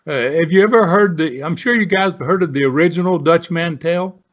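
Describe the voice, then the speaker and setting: A man's voice: a little high, brisk, muffled recording. A man in his seventies, a retired wrestler, telling rambling stories with many fillers. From southern United States. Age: 70s. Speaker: guest, retired pro wrestler. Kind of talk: casual storytelling.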